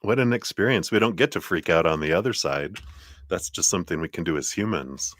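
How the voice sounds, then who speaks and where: A man with a very low voice gives a casual live tarot reading. He sounds chatty and reassuring and laughs often. The sound is close and dry. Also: expressive, a little fast, no room sound. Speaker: tarot reader hosting a live stream.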